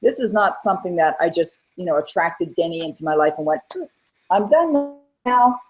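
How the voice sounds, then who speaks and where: A middle-aged woman as an interview guest, telling her own story in an earnest, animated way and acting out what people said. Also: deep voice, fast talker, soft background music, poor audio. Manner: earnest, animated retelling with acted-out quotes. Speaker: guest, author and coach.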